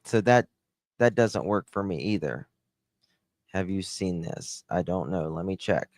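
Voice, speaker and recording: A man's voice: deep voice, lively intonation, a little slow, a little mellow, no echo, clean studio sound. A middle-aged man giving casual true-crime commentary to a live chat, blunt and sarcastic, brushing off claims he finds weak.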